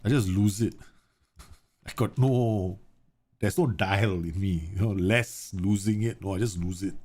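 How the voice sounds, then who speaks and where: A man's voice: low voice, a little slow, darkish tone. A man in his thirties, a game streamer, chatting casually and rambling animatedly through a live stream.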